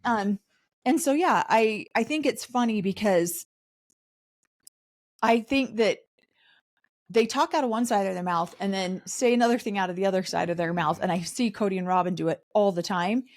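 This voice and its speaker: A woman's voice: medium pitch, moderate pace. A woman co-hosting a podcast, recapping a reality show in casual chat and mocking the people she talks about. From raised in a polygamous community. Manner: animated, mocking impressions of others. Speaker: podcast co-host.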